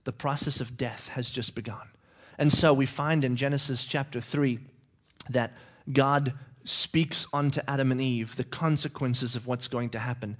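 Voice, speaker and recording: A man's voice: medium pitch, steady tone, normal speed. A male preacher giving a conversational sermon, often checking in with his listeners with "okay?".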